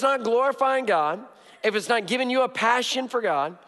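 A male pastor with a very high-pitched, slightly bright, expressive voice preaches a sermon at a moderate pace in a church sanctuary. He is emphatic, hammering his points with repetition and jokes, and the hall's long reverb trails every phrase.

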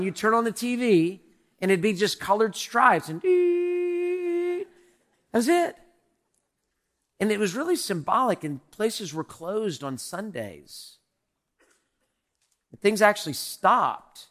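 A middle-aged male pastor preaching a sermon in an animated, repetitive way, calling on the congregation to answer. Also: sits high.

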